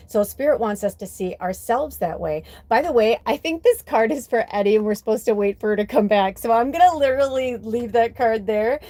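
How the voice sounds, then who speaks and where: A woman hosting a spiritual live stream, chatting casually and animatedly with lots of fillers and curse words, sometimes mimicking other people's voices. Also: mid-range voice. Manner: animated and profane, many fillers, quotes voices in mock tones. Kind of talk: casual live stream chat with tarot reading.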